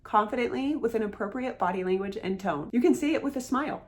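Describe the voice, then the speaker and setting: A woman's voice: a little high, lively intonation, fast talker, few pauses. Earnest woman teaching to camera. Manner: earnest, encouraging, acts out sample phrases. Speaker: hearing-loss educator. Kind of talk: instructional talk to camera.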